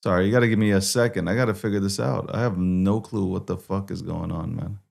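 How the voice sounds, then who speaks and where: A man's voice: sits low, steady tone, fast talker, gravelly, a little mellow. A man hosting a casual livestream news show, talking to himself and swearing when things go wrong. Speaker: host.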